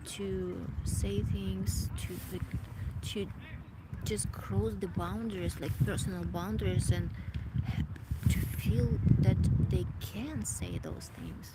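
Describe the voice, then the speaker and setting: A woman vlogging a reflective personal monologue, emotional and halting, often restarting as she searches for words. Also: medium pitch, sing-song. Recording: loud background noise.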